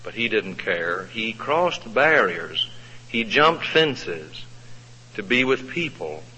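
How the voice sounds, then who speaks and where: A male preacher telling a Bible story in a sermon, folksy and expressive, asking the congregation questions. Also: fairly low pitch, slow, breathy edge. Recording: echoey hall, dull lo-fi sound.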